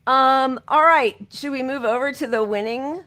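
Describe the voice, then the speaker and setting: A woman's voice: high-pitched, moderate pace, a bit bright, no room sound. A woman co-hosting a podcast in casual chat who laughs easily. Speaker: podcast co-host.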